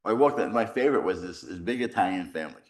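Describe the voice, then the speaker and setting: A middle-aged man, a priest, giving a rambling, animated retreat talk full of stories and self-deprecating humor. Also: sits low, fast. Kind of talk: conversational retreat conference, storytelling.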